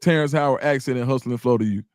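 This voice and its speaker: A man's voice: mid-range voice, very fast, darkish tone. A man hosting the interview and asking long, friendly questions. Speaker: host.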